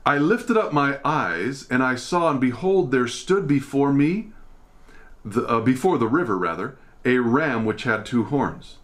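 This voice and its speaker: A man's voice: medium pitch, expressive, measured pace, fairly bright tone. A man from America teaching a casual Bible study, explaining verses and thinking aloud as he goes.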